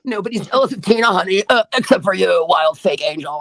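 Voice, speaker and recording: A woman's voice: mid-range voice, fast, few pauses, fairly bright tone, no room sound. A woman hosting a livestream who reads out chat comments and answers them in a mocking, profane and taunting way. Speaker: livestream host.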